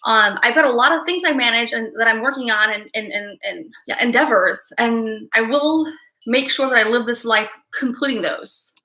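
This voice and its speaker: Bright-voiced emotional woman streamer. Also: fairly high pitch, moderate pace, reverberant, rough recording. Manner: emotional, rambling, with frequent sighs and restarts. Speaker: psychic tarot reader hosting a live stream. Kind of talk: casual live-stream talk to viewers.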